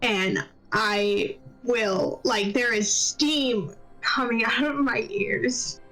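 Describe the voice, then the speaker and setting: Slow-talking woman narrating her character. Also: on the high side, a bit bright, soft background music, rough recording. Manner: playful, describing actions in first person. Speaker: player. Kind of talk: tabletop game banter.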